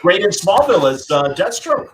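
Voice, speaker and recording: A man's voice: high voice, very animated, moderate pace, crowd noise, low-quality recording. A man hosting a casual group chat, recalling a story with a former radio broadcaster's delivery. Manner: conversational storytelling, warm recollection. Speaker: podcast host.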